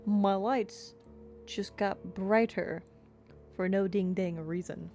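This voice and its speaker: A woman's voice: mid-range voice, steady tone, slow pace, darkish tone, faint music behind. A young woman streaming a game, chatting playfully and rambling about her progress. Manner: chatty, playful, self-described yapper. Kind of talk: casual let's-play chat.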